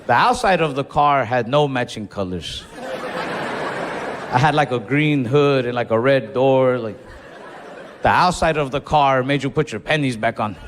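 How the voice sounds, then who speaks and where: A young man doing stand-up, telling a story with animated, profane, self-mocking energy on a comedy club stage. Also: mid-range voice, a little slow. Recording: live club with reverb and faint noise.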